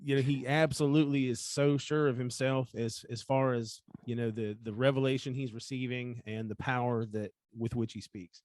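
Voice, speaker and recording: A man's voice: mid-range voice, level tone, moderate pace, hardly any pauses, darkish tone, dry recording. A man co-hosting a casual scripture discussion podcast, speaking earnestly and often restarting his sentences. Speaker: podcast co-host.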